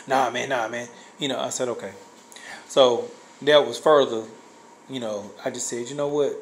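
A man's voice: medium pitch, normal speed, a little hiss or hum, poor audio. A man casually telling a personal story, rambling with many fillers and restarts. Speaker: guest sharing a testimony.

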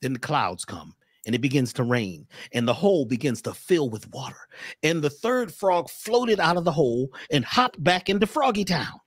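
A man's voice: on the high side, big pitch swings, moderate pace, slightly rough, no room sound, clean studio sound. A man speaking as a guest, telling a motivational story in a preachy, emphatic way.

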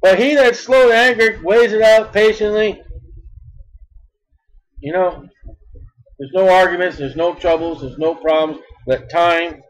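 Preaching in an emphatic manner, this man repeats his words and alternates between loud outbursts and quiet asides. He speaks in a high register, takes his time, and pauses frequently, all on a low-quality recording.

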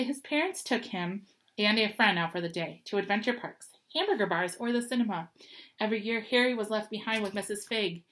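A woman reads a storybook chapter aloud, steady and expressive. Her voice sits in a middle range for a woman. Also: mid-range voice. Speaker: reader. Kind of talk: storybook reading.

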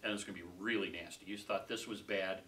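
A man leading a casual Bible study group, talking conversationally, laughing easily and trailing off softly. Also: sits low, fairly even intonation, fast talker. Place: small room with a group. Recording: distant mic with faint room noise.

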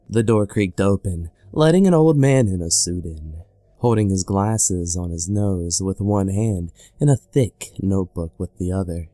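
A man narrating a horror story in a measured, scripted voice. His tone is fairly low and dark, steady and deliberate. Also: soft background music.

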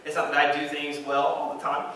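Man preaching, fairly high bright voice, emphatic and repetitive, echoey church room, heard from a distance. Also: completely flat delivery, a little fast. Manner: emphatic, repeats phrases, reads scripture aloud. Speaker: pastor. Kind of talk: sermon. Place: church sanctuary.

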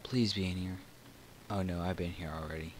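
A Southern-accented man narrates a let's play on his own gaming channel, muttering quietly and then erupting in excitement or frustration. He talks fairly quickly, and the rough recording carries slight background noise.

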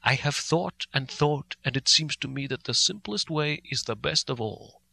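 A man's voice: mid-range voice, normal speed, creaky, sharp tone, heavily acted. Man putting on a grave old foreign professor. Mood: gentle. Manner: earnest, reasoning, broken formal phrasing.

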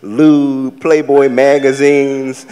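A man from the American South doing a live stand-up set, with sassy, campy storytelling and loud acted-out asides. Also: mid-range voice, level tone, extremely slow, long reverb tail. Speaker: stand-up comedian. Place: large theater stage with a live audience.

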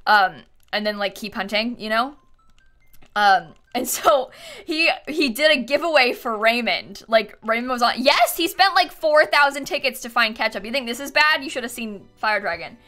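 Giggly woman livestreamer, bright and fairly high, chats casually while gaming. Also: animated, normal speed, soft background music. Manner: giggly, chatty, thanks viewers often. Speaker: streamer. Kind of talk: casual live-stream chat while gaming.

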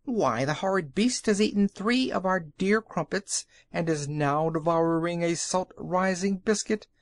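A man's voice: high-pitched, measured pace, no room sound, pitched above the performer's own voice. A man reading a children's audiobook, voicing an indignant rye loaf townsman. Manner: outraged.

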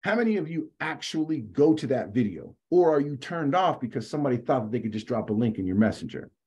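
A man's voice: mid-range voice, sing-song, fast, a little mellow, breathy edge, dull audio. A man teaching as a guest sales coach on a coaching call, talking conversationally and acting out sample dialogues, often adding "man".

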